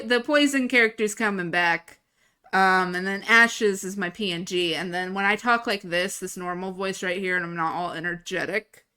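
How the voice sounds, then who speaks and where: This young woman streamer has a smooth, medium-pitched voice with a sharp tone. She rambles and swears freely in casual live-stream chat through a desk microphone.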